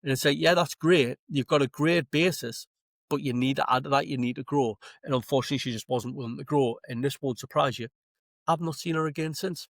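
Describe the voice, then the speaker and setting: A Geordie man, a comedian, spinning long stories on a podcast with plenty of swearing and acted-out lines. His voice sits at an ordinary middle pitch. The sound is dry and close, with no room around it. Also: a little fast, gravelly, dry recording. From Newcastle, England. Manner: swearing, animated anecdotes with acted-out quotes. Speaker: stand-up comedian, podcast guest. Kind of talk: casual podcast chat, storytelling. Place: podcast studio.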